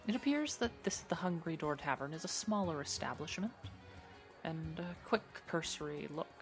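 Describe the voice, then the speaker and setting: A woman narrating as game master of a tabletop game, describing scenes at an unhurried pace with small hesitations. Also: low voice, expressive, over music.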